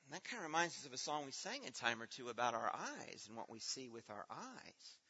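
A man's voice: medium pitch, sing-song, a little fast, bright, forceful tone, breathy edge. A man leading a children's Bible program in a church hall, quizzing the kids and praising their answers. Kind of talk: teaching children in a church assembly. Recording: reverberant hall, dull lo-fi sound.

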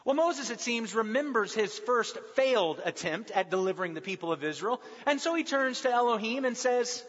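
A man with a high voice preaches an earnest sermon, pausing for emphasis. The sound is dull and lo-fi, and a long reverb trails after his words in the hall. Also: animated, a bit bright.

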